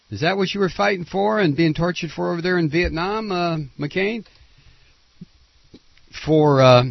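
A man hosting a political talk radio show, indignant and sarcastic, halting often with fillers and restarts. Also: mid-range voice, husky, dry recording, dull audio.

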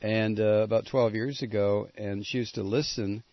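A man hosting a call-in talk radio show, blunt and joking, wrapping up calls briskly. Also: fairly low pitch, steady tone, no echo. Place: radio studio. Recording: dull lo-fi radio broadcast.

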